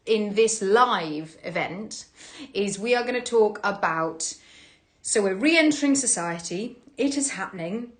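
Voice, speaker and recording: A woman's voice: medium pitch, fairly bright tone. A woman hosting a livestream from home, chatting casually and greeting viewers. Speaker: livestream host. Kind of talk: casual chat.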